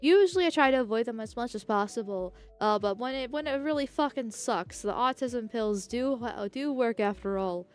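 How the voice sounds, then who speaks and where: A woman's voice: a little high, expressive, normal speed, hardly any pauses, clear, resonant tone, soft background music. A woman streamer chatting casually, rambling through tangents and laughing often while thanking viewers. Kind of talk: casual live-stream chat.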